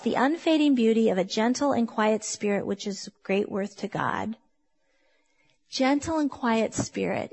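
Woman, fifties, Bible teacher, slightly high voice, chatty and emphatic, asks the room questions. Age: 50s. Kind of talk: sermon teaching.

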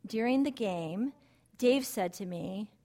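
A middle-aged woman teaching a Bible study in a conversational way, telling personal stories that move from soft and low to excited and emphatic. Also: takes it slowly.

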